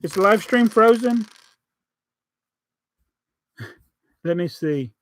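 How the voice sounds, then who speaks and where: A man's voice: high voice, expressive, takes it slowly, dry recording. A man with a Southern American accent, chatting casually on a live stream as he builds a toy set, joking and reading out viewer comments. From Southern United States.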